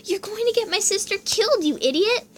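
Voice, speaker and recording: A woman's voice: extremely high pitch, expressive, brisk, slight background noise, pitched above the performer's own voice. A woman voicing a fiery young sister. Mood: outraged. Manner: sharp, scornful, loud.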